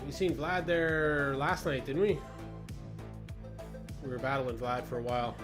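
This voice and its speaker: A man's voice: mid-range voice, fairly even intonation, a little slow, over music. Joking male sim-racing streamer. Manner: joking, laughing, chatty with viewers. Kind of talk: casual live-stream chat while racing.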